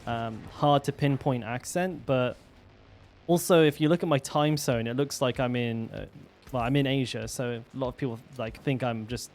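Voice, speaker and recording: A man's voice: medium pitch, moderate pace, faint music behind. Englishman with a mild West Country tinge. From southwest England. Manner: relaxed, chatty, swears casually, trails off mid-sentence. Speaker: game streamer. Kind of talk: casual live-stream chat while playing.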